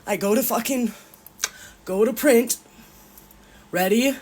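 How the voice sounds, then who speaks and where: A woman's voice: fairly high pitch, slow, darkish tone, slight background noise. A young woman ranting furiously while crying, swearing heavily and repeating herself. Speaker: printer owner venting on video. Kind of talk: angry crying rant.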